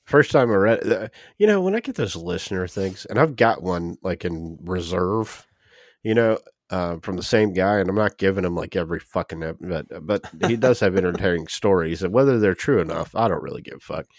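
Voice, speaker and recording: A man co-hosting a podcast in casual chat, crude and profane, with deadpan bragging. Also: low voice, brisk, no room sound, studio quality. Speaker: podcast co-host.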